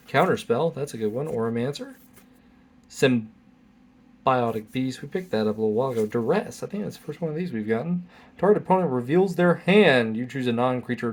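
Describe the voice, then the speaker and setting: A man's voice: mid-range voice, darkish tone. Male host, casual pack-opening commentary, reads cards, wry remarks. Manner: reads card text aloud with wry asides. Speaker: channel host.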